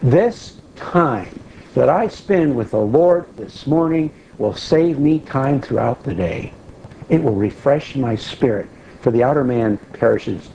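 Plain-spoken man preaching, mellow lo-fi. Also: medium pitch, lively intonation, unhurried, slight background noise. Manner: plain-spoken, repeats phrases for emphasis, asks the audience questions. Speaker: preacher teaching a group. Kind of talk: informal sermon.

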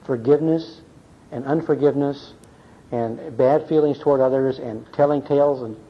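A man's voice: medium pitch, steady tone, moderate pace, breathy edge. Older man teaching a folksy church class. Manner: folksy, earnest, asks "see?" and "okay?". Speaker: Bible study teacher. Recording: muffled lo-fi recording.

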